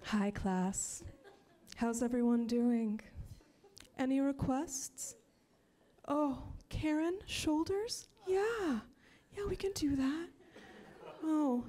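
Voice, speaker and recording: A woman putting on an airy, high yoga teacher. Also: animated, slow, pauses often. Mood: soothing. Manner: soft, airy, coaxing. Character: gentle, breezy female yoga teacher.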